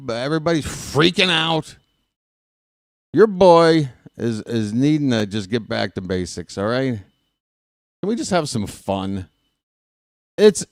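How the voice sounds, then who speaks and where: Slow, lively joking baseball streamer. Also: male voice, mid-range voice, clear, resonant tone, no room sound, clean studio sound. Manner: rambling, self-mocking, jokey asides. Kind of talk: casual live-stream chat and commentary.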